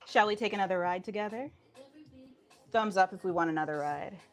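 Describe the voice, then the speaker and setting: A woman leading fitness on a live stream chats with her audience in an upbeat way, laughing frequently and sounding a bit winded. Her medium-pitched voice moves a little fast, with faint music in the background.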